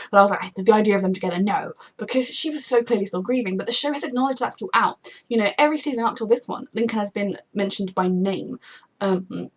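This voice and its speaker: A young woman pours out her feelings about a show in a rush of words, full of fillers, restarts and little laughs. Her voice is slightly husky, and she talks very quickly in a loose, casual way. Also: a little high. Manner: gushing, emotional and rambling, with many fillers and quick laughs. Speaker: TV reaction channel host. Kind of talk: casual reaction chat.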